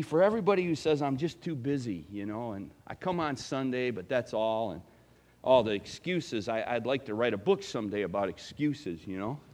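A middle-aged man preaching a sermon in a conversational, folksy way, asking the congregation questions. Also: medium pitch. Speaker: pastor.

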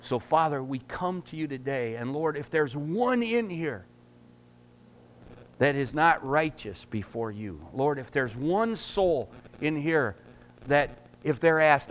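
A man preaching a sermon in a church, emphatic and rising loud, then praying in a hushed voice. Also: a little high, lively intonation, a little slow, slight background noise. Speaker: pastor. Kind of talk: sermon and closing prayer. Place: church sanctuary.

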